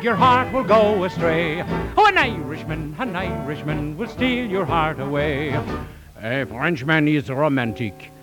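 A man singing a cheeky novelty song with a high, lilting tenor in a 1940s radio comedy. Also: full character voice, rough recording. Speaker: singer. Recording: old radio broadcast with music.

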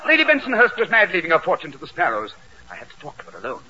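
A man's voice: fairly high pitch, wildly swooping pitch, rapid-fire, voice pushed down. A man playing a plummy, melodramatic barrister. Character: pompous English barrister, male, middle-aged. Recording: muffled old radio recording with hiss.

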